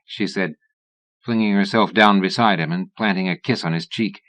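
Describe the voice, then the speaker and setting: A man reading a horror novel aloud as an audiobook narrator, in a measured, even-toned way. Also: low voice, no room sound.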